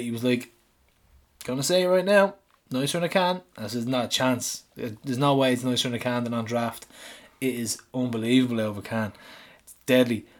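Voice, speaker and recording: Irish man, podcast co-host, laughing storyteller, mid-pitched. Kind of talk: casual chat.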